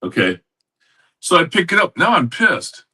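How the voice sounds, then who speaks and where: An older man co-hosting a podcast, telling a rambling anecdote with lots of halting restarts over a video call. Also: sits high, huge pitch swings, bright, forceful tone, slightly rough, recorded from a distance. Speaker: podcast co-host. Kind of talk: casual storytelling.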